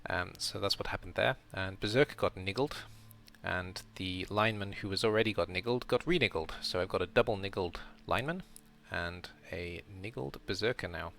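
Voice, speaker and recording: A man's voice: sits low, normal speed, vocal fry, few pauses, fairly bright tone. A man streaming a casual round-up of his game league as host, rambling and correcting himself as he thinks aloud.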